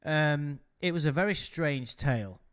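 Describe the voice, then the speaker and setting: Amused rambling man, slightly high voice. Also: unhurried, clean tone. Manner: rambling, amused, swears casually. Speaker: podcast co-host. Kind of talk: casual chat.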